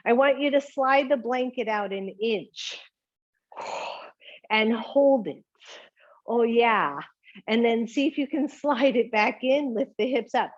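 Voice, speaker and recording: A woman's voice: fairly high pitch, muffled recording. A woman teaching a home yoga class, giving encouraging cues with a chatty manner and frequent light laughs.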